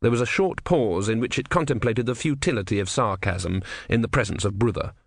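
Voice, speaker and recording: A man's voice: mid-range voice, expressive, brisk, vocal fry, no echo. A man narrating a comic fantasy audiobook with dry, wry delivery.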